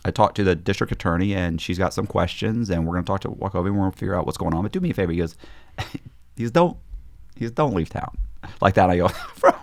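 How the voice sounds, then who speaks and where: A man with a fairly low voice tells a story as a podcast guest in relaxed conversation. His pitch swings widely as he acts out the voices of the people he quotes. He often breaks off and restarts his sentences. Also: fast talker, creaky. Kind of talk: casual storytelling.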